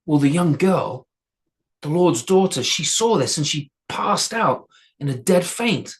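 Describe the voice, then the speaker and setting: A man's voice: a little high, expressive, measured pace. A male storyteller telling a folktale aloud, unscripted, with restarts and repeated words.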